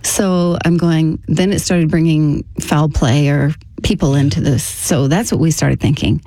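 A woman telling a personal story to an interviewer in a casual, halting way, with frequent restarts. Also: deep voice, mellow, dry recording. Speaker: interview guest.

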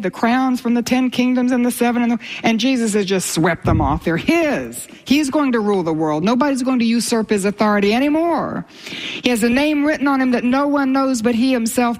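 An older woman preaching a sermon in an earnest, impassioned way, dropping to breathy whispers for emphasis. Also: on the high side.

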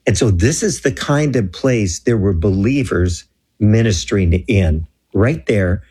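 Man, low voice, husky, earnest storyteller, acts out dialogue, Christian talk show guest. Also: lively intonation, a little slow, mellow. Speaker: guest telling a mission story.

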